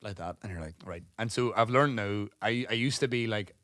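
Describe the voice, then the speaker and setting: A man's voice: on the low side, a little fast, fairly bright tone, no room sound, clean studio sound. A man of about thirty, a podcast co-host rambling through a funny story in casual chat, swearing and laughing as he talks. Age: 30s.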